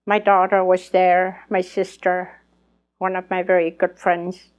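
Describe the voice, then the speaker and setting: In a lo-fi recording, an older woman's smooth, lowish voice unfolds unhurriedly with little change in pitch. She is an elder at a conference giving earnest personal testimony about her life, acting out the conversations she recalls.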